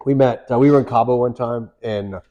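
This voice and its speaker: A man's voice: medium pitch, steady tone, quick pace, dark tone, dull audio. Easygoing male podcast storyteller. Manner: chatty storyteller, laughs often. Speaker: podcast co-host, mortgage lender. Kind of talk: casual podcast chat.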